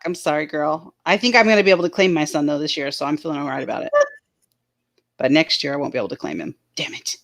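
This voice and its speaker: A woman's voice: low voice, animated, fast talker. A woman co-hosting a casual livestream chat, reading viewer comments and often dissolving into giggles. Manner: giggly, breaks into laughing fits. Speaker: co-host of a livestream chat show.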